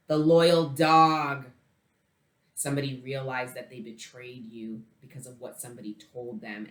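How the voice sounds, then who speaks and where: Swearing, emphatic woman tarot reader. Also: extremely low pitch. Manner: emphatic, heavy swearing, dramatic swings in loudness. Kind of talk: casual tarot reading. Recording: roomy echo.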